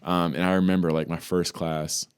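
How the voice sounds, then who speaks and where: A man's voice: low-pitched, level tone, moderate pace, clean tone. A man from Wisconsin co-hosting a podcast, chatting loosely and joking around with his co-host over a video call. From Wisconsin, USA. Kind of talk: casual chat.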